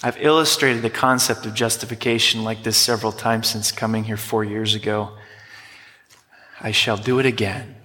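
Bright-voiced male pastor in a reverberant hall. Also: lowish voice, fairly even intonation, normal speed. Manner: emphatic, teaching, drills words with the congregation. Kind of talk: sermon. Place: church sanctuary.

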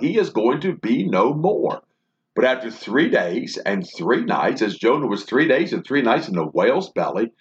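A man's voice: a little high, muffled recording. A man giving a Bible teaching sermon for a broadcast, fervent and rhythmic, with repeated phrases. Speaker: preacher.

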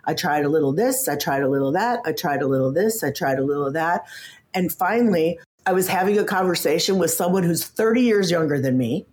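This podcast guest, a woman in her fifties who coaches and writes books, chats casually at a fairly brisk clip. She sounds low and deep yet animated, repeating opening words as she gathers her ideas and putting on voices when quoting others.

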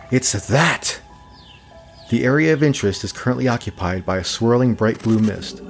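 A man with a fairly low voice narrates a fantasy tale in a measured, descriptive way. Soft music runs quietly beneath his reading. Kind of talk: scripted storybook narration.

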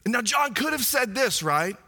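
A male pastor, preaching a sermon in an animated, conversational way full of asides. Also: extremely high pitch, moderate pace, husky.

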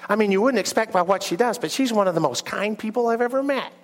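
A man voicing a warm woman who works at a diner, with a New York accent. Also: high voice, lively intonation, quick pace, pitched above the performer's own voice. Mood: gushing.

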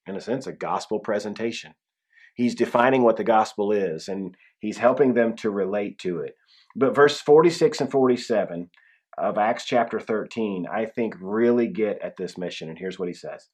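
A man's voice: fairly low pitch, normal speed, a little mellow. A man preaching a conversational sermon as pastor, with frequent restarts and emphatic drops in his voice.

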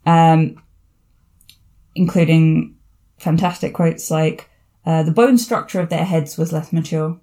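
A woman's voice: low-pitched, fairly even intonation, slow, long pauses, warm tone. A woman hosting a podcast, chatting casually and digressively about a book, often laughing. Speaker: podcast host.

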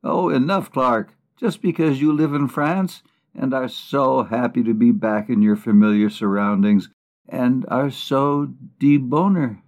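A man's voice: medium pitch, measured pace. A man co-hosting a comedy podcast, trading playful wisecracks with his partner. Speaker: podcast co-host. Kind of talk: casual comic chat.

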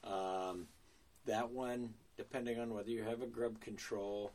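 A man talks shop on a podcast in a deep, unhurried voice. He's plain-spoken, with lots of ums and restarts. His voice sits slightly away from the microphone. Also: distant mic. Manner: relaxed, plain-spoken, many fillers. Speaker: lawn care business owner. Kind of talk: casual podcast conversation.

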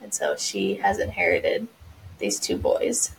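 A woman's voice: fairly low pitch, sing-song, unhurried, vocal fry, a little hiss or hum, low-quality recording. A woman co-hosting a casual book chat, retelling scenes in a chatty way. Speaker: podcast co-host.

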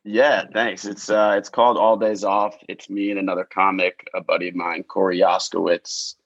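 A man's voice: low-pitched, flat delivery, moderate pace, a bit bright, no echo, muffled recording. A man from Long Island, a comedian guest, talking in a laid-back, dry, self-deprecating way. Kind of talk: casual chat.

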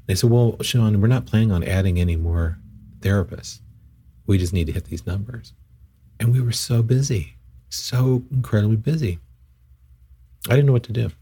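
A man's voice: low-pitched, mellow, slightly rough. A middle-aged man hosting a podcast, telling a story in a conversational way and acting out the dialogue. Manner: conversational, acts out quoted dialogue. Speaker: podcast host. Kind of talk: storytelling monologue.

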